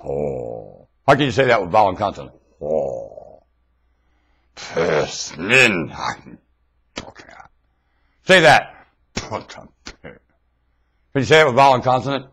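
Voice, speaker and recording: A man with a husky voice, rambling aloud to his viewers in a webcam monologue. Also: fairly low pitch, big pitch swings, takes it slowly, pauses often, a bit bright, poor audio. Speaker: vlogger.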